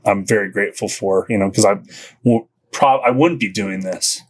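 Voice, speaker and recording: A man's voice: on the low side, moderate pace, slight background noise. A man who plays in a band, talking casually in an interview, rambling with many restarts and laughing between phrases. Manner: rambling, full of "you know" and restarts. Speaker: band musician, podcast guest.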